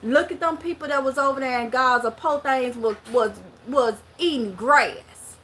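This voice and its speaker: A middle-aged woman with a thick Mississippi Southern drawl tells stories straight to camera, animated and full of country dialect. Her voice sits high and comes across bright and forceful. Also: normal speed, slight background noise. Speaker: vlogger. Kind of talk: casual monologue to camera.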